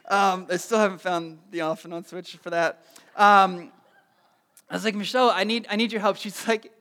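Brief: man, thirties, pastor preaching, high voice, humble and heartfelt, big reverberant sanctuary. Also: a little fast, fairly bright tone. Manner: self-deprecating storyteller, earnest and heartfelt. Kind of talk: sermon with personal story. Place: church sanctuary. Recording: long hall reverb.

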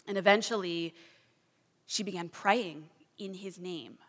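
A woman's voice: on the low side, measured pace, in a large hall. A woman giving a sermon, telling and reading a story aloud in an earnest way that builds to fervent emphasis. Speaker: preacher. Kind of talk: sermon with a read-aloud testimony.

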